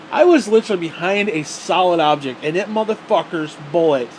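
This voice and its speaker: A man's voice: high voice, animated, fairly quick, hardly any pauses, a little hiss or hum. A man angrily ranting about a video game in a profane, sarcastic, frustrated way. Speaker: gaming vlogger.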